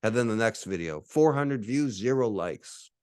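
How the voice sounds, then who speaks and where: A man's voice: on the low side, animated, normal speed, darkish tone, clean tone, dry recording, studio quality. A man in his forties hosting a podcast, ranting in a profane, boastful, combative monologue. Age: 40s. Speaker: podcast host.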